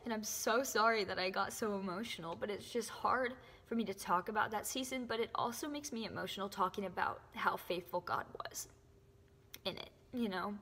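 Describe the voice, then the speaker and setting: A young woman gives an earnest, emotional faith testimony to camera, often dropping to a soft whisper. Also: mid-range voice, fairly quick, breathy edge. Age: young adult. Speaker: faith vlogger. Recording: echoey room with long reverb.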